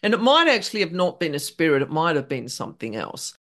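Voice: medium pitch, sing-song, quick pace, fairly bright tone. A host asking a guest questions in an enthusiastic, chatty way. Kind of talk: interview questions.

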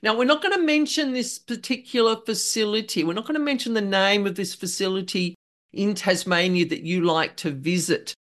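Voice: mid-range voice, a little fast, fairly bright tone. A host asking a guest questions in an enthusiastic, chatty way. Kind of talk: interview questions.

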